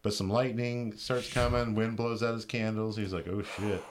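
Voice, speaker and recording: A man co-hosting a podcast, recapping a film in a casual, profane, deadpan way. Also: fairly low pitch, moderate pace, slight background noise. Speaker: podcast co-host.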